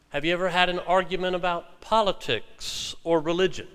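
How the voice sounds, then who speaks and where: A male pastor delivers a sermon in a sanctuary with a long, lingering reverb. His voice sits a little high for a man. He speaks in measured phrases and slows down to lean on important words. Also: fairly even intonation, fairly bright tone, smooth. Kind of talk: sermon with scripture reading.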